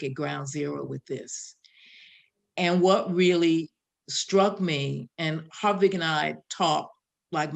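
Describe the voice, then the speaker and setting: Casting: older woman host, Chicago accent, gravelly, reflective, riffing. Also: deep voice. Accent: South Side Chicago. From American Midwest. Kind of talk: hosting an online panel.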